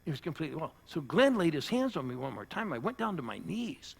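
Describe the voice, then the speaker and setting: An older man, a pastor, preaching to a church audience and telling a personal story, rising to loud bursts and dropping to hushed lines. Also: on the high side, sing-song, fast talker, creaky. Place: church service before a live audience.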